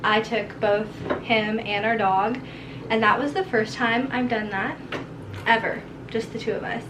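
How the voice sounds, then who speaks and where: A young woman and mother with a sick, hoarse voice, chatting casually and rambling through a home vlog, full of "like". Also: a little high, fairly even intonation, unhurried, distant mic. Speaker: vlogger and mother. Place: home kitchen and garden. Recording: roomy, off-mic, household noise.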